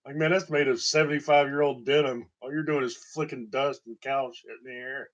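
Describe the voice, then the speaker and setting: A storytelling vlogger from Tennessee, USA rambles through comic stories and laughs at his own jokes, captured in a dull lo-fi recording. His medium-pitched voice is a bit bright, fairly even in intonation and a little fast.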